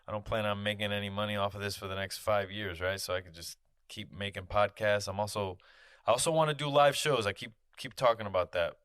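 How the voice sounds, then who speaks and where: A man's voice: on the low side, fairly quick, fairly bright tone, clear, resonant tone, no room sound, clean studio sound. A man hosting his own podcast, talking in a candid casual monologue, swearing freely and peppering his talk with "you know". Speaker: podcast host. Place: podcast studio.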